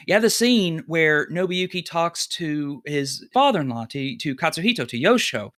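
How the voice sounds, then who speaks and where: Animated man ranting on a fan podcast. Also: on the high side, normal speed, few pauses. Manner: animated storytelling, acts out quoted voices. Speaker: podcast co-host. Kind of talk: casual fan podcast rant.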